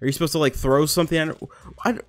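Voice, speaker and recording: A man's voice: fairly high pitch, steady tone, very fast. A young man giving let's play commentary, frustrated and swearing as he rants about the game. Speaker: gamer.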